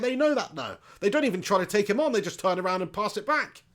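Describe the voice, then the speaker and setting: A man's voice: sits high, sing-song, quick pace, few pauses, a bit bright. A man hosting a live football watch-along, chatting casually, reading viewers' comments aloud, joking and laughing often. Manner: jokey banter, laughs often, reads chat aloud. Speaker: live stream host.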